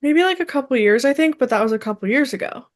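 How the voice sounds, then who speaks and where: Young female podcast co-host, slightly high pitch, animated storyteller. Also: quick pace. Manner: animated storyteller, acts out quotes. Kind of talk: casual chat.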